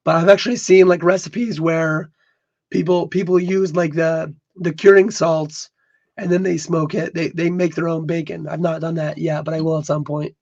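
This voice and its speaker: This is a man with a hoarse, worn-out voice, pitched slightly high, chatting on a casual livestream. He often trips over his words and repeats himself. The recording sounds dull and lo-fi. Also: level tone, moderate pace, a little mellow. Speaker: podcast co-host.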